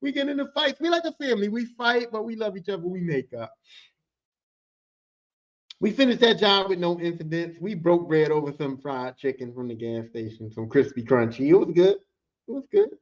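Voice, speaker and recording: High-voiced, profane storytelling man. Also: moderate pace. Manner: profane, animated, rambling. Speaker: podcast host and work-site boss. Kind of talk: casual storytelling. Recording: dull lo-fi audio.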